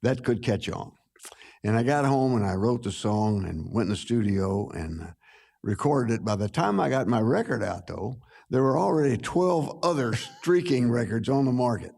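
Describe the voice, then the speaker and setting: A man in his eighties, a musician guest, telling stories in a relaxed interview with frequent pauses. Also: medium pitch, creaky. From United States. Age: 80s. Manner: unhurried, with frequent "uh" pauses and easy laughs.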